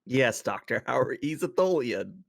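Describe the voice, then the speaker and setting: A man's voice: mid-range voice, expressive, moderate pace, gravelly, no room sound, pitched above the performer's own voice. A man voicing a dry, level-headed crew officer who speaks matter-of-factly.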